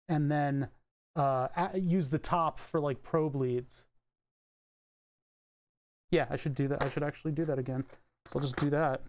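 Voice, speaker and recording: At his home electronics workbench, a man live-streams while soldering, rambling and thinking aloud in casual chat. His fairly high voice comes across offhand, and he swears casually as he goes.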